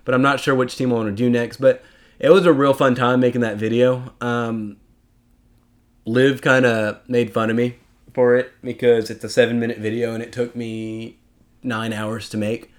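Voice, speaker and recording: A man's voice: medium pitch, flat delivery, moderate pace. A young man hosting a casual solo podcast, rambling and chatty with self-mocking asides. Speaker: podcast host.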